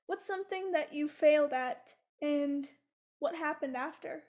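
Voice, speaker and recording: A woman's voice: high voice, unhurried, darkish tone. A woman interviewing a guest in a friendly, encouraging way. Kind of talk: casual interview.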